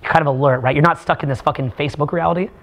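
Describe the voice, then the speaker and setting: A man leading a live workshop for a small group, talking in a profane, animated way with mock rants. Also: on the high side, very fast. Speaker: seminar speaker.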